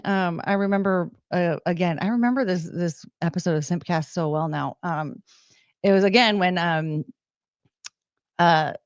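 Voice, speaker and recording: A woman's voice: lowish voice, no echo, lo-fi sound. A young woman hosting a livestream, casually chatting and playfully reading out super chats. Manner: playful, reads out super chats with beeping sounds. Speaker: livestream host.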